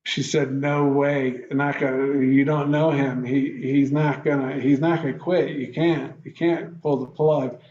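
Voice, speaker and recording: Man, slow halting storytelling, many fillers, roomy dull recording. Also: mid-range voice, flat delivery, darkish tone. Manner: halting, with many fillers and restarts, acts out his own past reactions. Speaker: guest telling his life story. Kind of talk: personal storytelling interview.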